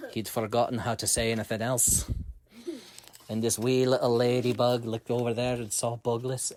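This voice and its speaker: A man's voice: medium pitch, darkish tone. A man telling a children's story in a playful manner, often laughing as he goes.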